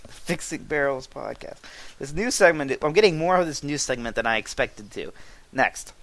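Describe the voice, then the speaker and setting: A young man hosting a casual gaming podcast, animated and quick with asides and laughs. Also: mid-range voice. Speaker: podcast host.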